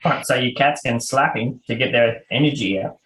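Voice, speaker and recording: A laid-back Australian man co-hosting a casual chat with dry humor. His voice has a middling pitch. The recording carries a noticeable room echo. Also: moderate pace, fairly bright tone, slight background noise. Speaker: co-host. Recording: echoey room.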